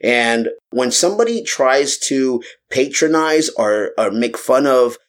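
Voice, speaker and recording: A man's voice: medium pitch, slow. Rambling man telling a story. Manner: rambling, animated storytelling with many fillers. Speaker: podcast co-host. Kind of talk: casual chat.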